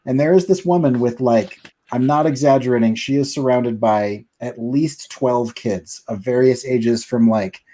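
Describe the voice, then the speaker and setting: A man hosting a casual live stream chat, telling a funny story in an animated way and laughing between lines. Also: mid-range voice, a little slow, hardly any pauses.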